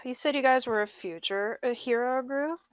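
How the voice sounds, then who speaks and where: A woman's voice: high-pitched, normal speed, no echo, natural voice. Woman voicing a cocky scruffy adventurer gal, mocking, dry close sound. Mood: skeptical. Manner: mocking, playfully skeptical. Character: brash grimy female adventurer, teasing. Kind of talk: tabletop role-play in character.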